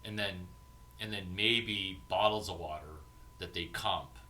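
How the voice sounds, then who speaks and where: A man talks through an informal coaching session as a mentor, swearing freely and slipping into acted snatches of banter. His voice sits on the low side but cuts through with a hard, tense brightness. A faint hiss runs underneath. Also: measured pace. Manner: profane, animated, acts out quoted banter. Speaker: entrepreneurship mentor.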